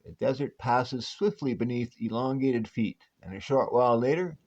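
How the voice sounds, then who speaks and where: A man narrating a comic book aloud in an even storytelling way, on a dull lo-fi recording. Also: mid-range voice, moderate pace, few pauses. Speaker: comic reader.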